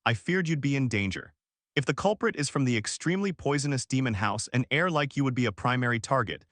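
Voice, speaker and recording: A man voicing a calm, confident young male noble heir, recorded dry and close. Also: mid-range voice, quick pace, dry recording, natural voice.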